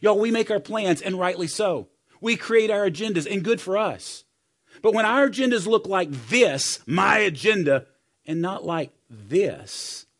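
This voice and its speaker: A middle-aged man preaches to an audience of men, telling personal stories in a conversational way and moving between loud and soft. His voice leans toward the high side.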